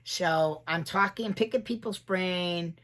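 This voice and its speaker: A man's voice: high voice, slow pace, a bit bright. A trans man in his forties hosting a casual livestream chat, rambling from thought to thought and laughing often at his own jokes. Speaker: livestream host.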